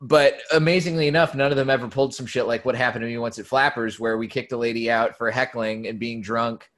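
A young man who worked at comedy clubs, telling stories in casual chat, animated and swearing freely. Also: medium pitch, fast. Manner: animated storyteller, swears freely, quotes people in lively bursts. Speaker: former comedy club staffer.

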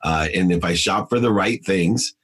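Middle-aged guy, super low husky voice, preachy motivational story on a podcast. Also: moderate pace, fairly bright tone. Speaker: guest. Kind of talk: personal story and advice in a podcast interview.

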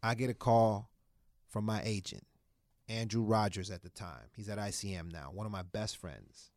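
A man, an actor guest, telling his story in a casual interview, animated and swearing freely as he acts out quotes. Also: on the low side, normal speed, no room sound, studio quality.

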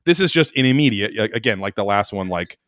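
A man telling a story in casual chat, animated, rambling and profane. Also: on the low side, fast talker, no room sound, clean studio sound.

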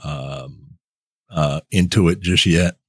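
Husky low-voiced podcast co-host man. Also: slow pace, fairly bright tone, dry recording, studio quality. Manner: hesitant, many fillers and restarts, wry. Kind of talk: casual chat.

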